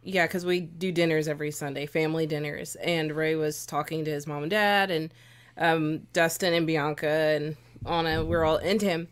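A woman, the host's wife, talking casually and telling a relaxed story with light teasing. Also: low-pitched, moderate pace. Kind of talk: casual chat.

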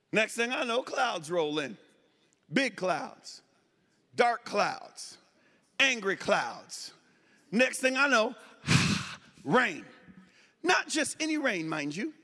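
A man tells a stand-up story in a strikingly high, bright voice. He is animated and shouts his punchlines, with long hall reverb trailing behind him. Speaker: stand-up comedian.

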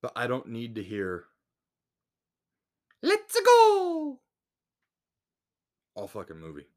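A man hosting a podcast in a casual solo rant, blunt and full of swearing. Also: medium pitch. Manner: profane, blunt, exasperated. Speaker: podcast host.

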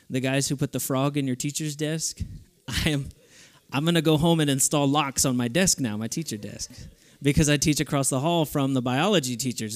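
A young man preaching a sermon to a youth group, lively and playful in his delivery. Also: mid-range voice. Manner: lively, playful, switches into goofy voices for stories. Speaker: youth speaker.

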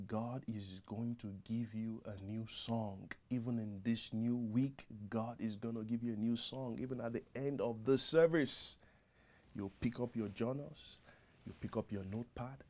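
A male pastor preaching a sermon. He starts quietly, then builds to a loud, high delivery, often repeating himself and stumbling over words.

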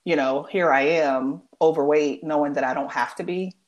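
A woman's voice: deep voice, moderate pace, muffled recording. A young adult woman in a casual chat with a friend, earnest and reflective, stretching words for emphasis.

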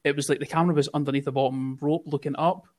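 A man's voice: fairly high pitch, steady tone, very fast, a little mellow. A man co-hosting a casual podcast chat, swearing freely and laughing at his own jokes. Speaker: podcast co-host.

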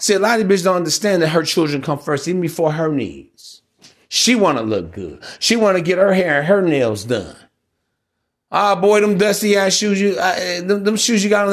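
A man's voice: high-pitched, a bit bright. A man hosting a solo podcast, ranting in a blunt, preachy, profane way. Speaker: podcast host.

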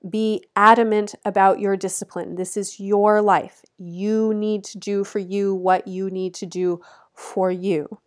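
Speaking at a measured pace with a level, medium-pitched voice, a woman delivers an astrology forecast. She's sincere and supportive, repeating instructions for emphasis and laughing lightly between lines.

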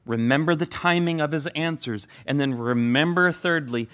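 A man's voice: on the high side, normal speed, fairly bright tone, smooth. A male pastor preaching a sermon, repeating key phrases for emphasis.

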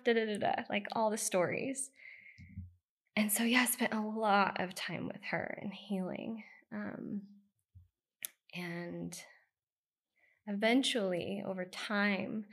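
A woman's voice: mid-range voice, vocal fry. Woman, thirties, american, podcast guest, open and emotional storytelling, casual filler words. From United States. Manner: emotional, candid, frequent "like" and "you know".

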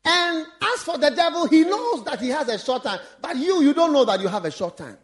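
Brief: man, bishop giving a sermon, very high pitch, swinging lively delivery, laughs and shouts to land points. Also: brisk. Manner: animated, laughs and shouts for emphasis. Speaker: bishop preaching.

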